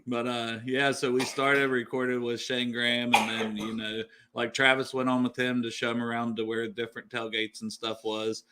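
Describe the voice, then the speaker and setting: Co-host, male, bright and forward tone, loose rambling storyteller. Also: mid-range voice, flat delivery, normal speed, few pauses, slight background noise. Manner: rambling storyteller, many fillers and laughs. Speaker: podcast co-host. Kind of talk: casual sports podcast chat.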